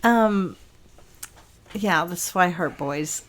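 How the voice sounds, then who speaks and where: An older woman, a guest on a podcast, talking with her son and slowly telling stories from her childhood. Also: fairly low pitch. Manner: slow, reflective storyteller, reassuring. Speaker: guest, host's mother. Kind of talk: casual conversation, storytelling. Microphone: podcast microphone.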